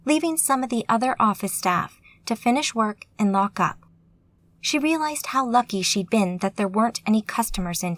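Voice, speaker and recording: A woman narrating a fantasy audiobook in a steady, measured storytelling manner. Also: on the high side.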